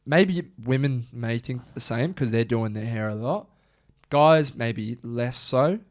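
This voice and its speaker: A man's voice: medium pitch, slow pace. A young man with an Australian accent, co-hosting a podcast in casual chat, swearing freely as he rants. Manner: swears freely, animated ranting. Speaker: podcast co-host.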